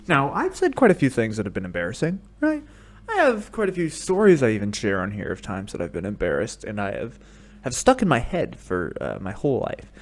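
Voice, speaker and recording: Animated, profane American man ranting. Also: mid-range voice. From United States. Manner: profane, rambling storytelling that bursts into shouted rants. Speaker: podcast host. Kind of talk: solo comedic monologue. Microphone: studio microphone.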